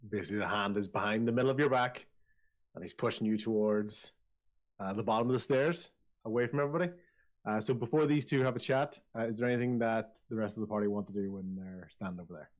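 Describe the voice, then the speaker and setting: Low-voiced man narrating as game master. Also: brisk. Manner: relaxed, casual, hesitant fillers.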